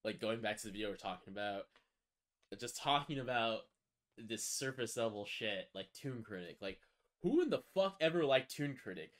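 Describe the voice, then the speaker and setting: A man's voice: fairly low pitch, expressive, normal speed. A man hosting a casual podcast chat, laid-back, swearing and laughing often. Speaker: podcast host.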